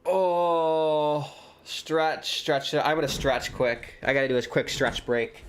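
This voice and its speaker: A man chatting casually on a live football watchalong stream, rambling between excited reactions to the match. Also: on the high side, slow pace, clear, resonant tone.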